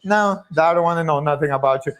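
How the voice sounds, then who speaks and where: A man telling casual stories on a livestream, profane and animated, laughing often. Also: a little high, fast. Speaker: streamer. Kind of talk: casual storytelling chat. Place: livestream room.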